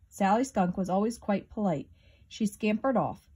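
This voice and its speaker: A woman reading a children's picture book aloud, clear and expressive. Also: mid-range voice, moderate pace. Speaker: storybook reader.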